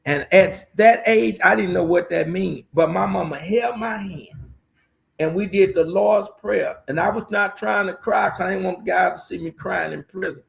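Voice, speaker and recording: Middle-aged male pastor, very gravelly, raised pitch, emotional preaching testimony. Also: normal speed. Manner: preaching storyteller, repeats "watch this here". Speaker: pastor guest.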